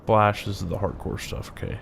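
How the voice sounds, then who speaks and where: Low-voiced man doing casual game commentary. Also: steady tone, a little fast, gravelly, fairly bright tone, slight background noise. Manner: casual, rambling, thinking aloud. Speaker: let's play host. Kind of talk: gameplay commentary. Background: faint music.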